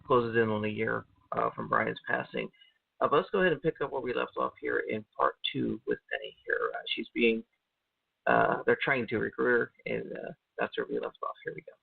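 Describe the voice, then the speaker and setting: Gravelly man introducing a podcast episode. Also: mid-range voice, expressive, no room sound. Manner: halting, with many fillers. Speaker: podcast host. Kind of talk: show introduction. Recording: distant, lo-fi phone-like sound.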